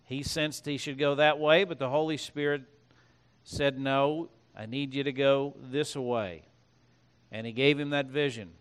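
A man's voice: mid-range voice, steady tone, a little slow, clear, resonant tone. A man preaching a sermon as pastor, reading scripture aloud and breaking off into conversational asides.

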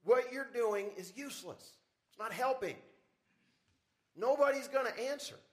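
A man's voice: very high-pitched, animated, measured pace. Preaching man, emphatic sermon delivery. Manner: preaching with rising emphasis and rhetorical questions. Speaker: pastor. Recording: church service audio recording.

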